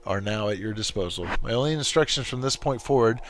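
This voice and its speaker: A man reading the lines of a calm female ship AI in a game, in a measured, explanatory way. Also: on the low side, soft background music, lightly acted. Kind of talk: reading game dialogue aloud.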